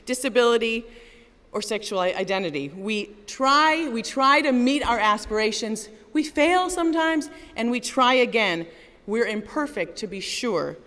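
A woman's voice: on the high side, fairly bright tone. A woman giving an earnest, emphatic speech at a community event, building rhythmic lists. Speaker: event speaker. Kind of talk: rally speech. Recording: reverberant hall.

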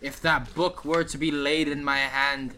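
A man's voice: a little high, flat delivery, unhurried, bright, forceful tone, a little hiss or hum, voice pushed up, poor audio. A man doing a pleading lost soul. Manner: earnest pleading. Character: pleading male lost soul, desperate and weary.

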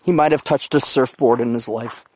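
A man's voice: medium pitch, fairly even intonation, normal speed, a little hiss or hum. A man hosting a podcast in a casual, rambling monologue, profane and jokey, recorded outdoors on a mountain trail. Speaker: podcast host.

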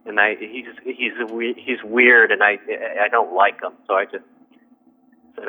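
A tired man calling in to a talk show, telling a story in a halting, hesitant way with many restarts. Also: on the low side, level tone. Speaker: caller. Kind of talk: call-in radio chat. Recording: tinny phone line.

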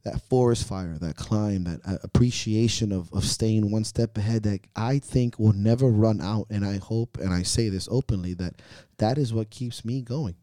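A man with a very dark, low-pitched voice opens up on a podcast about his fears in coaching, earnest and profane as he questions himself out loud. He sighs, and his sentences tail off into pauses. The sound is close and dry, free of room tone and echo.

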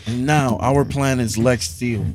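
A man's voice: medium pitch, fairly even intonation, measured pace. Male podcast co-host, goofy banter, faint music behind. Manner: goofy, joking. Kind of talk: casual chat. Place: parked car in the rain.

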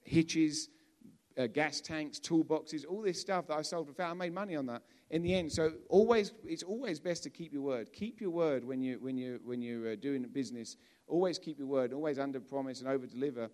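A man from England preaching a sermon in a relaxed, conversational way, often restarting and repeating words as he talks. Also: a little high, moderate pace.

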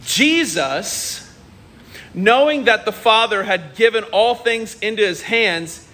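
A man's voice: high voice, animated, slow pace, pushed and bright. A male pastor preaching a sermon on a church stage, earnest and emphatic, often repeating himself. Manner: earnest, emphatic, with many repetitions.

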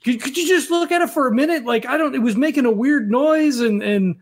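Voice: sits high, a little hiss or hum, voice pushed up. A player voicing a flustered, fake-sorry young man. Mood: nervous. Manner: hurried, fake-sorry apologizing. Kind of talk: in-character play at a tabletop game.

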